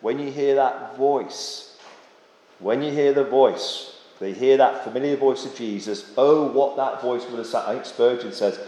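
Preacher in an echoey hall. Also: male voice, medium pitch, measured pace, dark tone. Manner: earnest, dramatic, rhetorical questions, many restarts. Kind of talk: sermon. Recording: echoey hall with long reverb.

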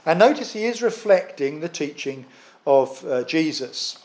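A man preaching a sermon in an earnest, explanatory way, often pausing with fillers and restarts. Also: a little high, animated, darkish tone.

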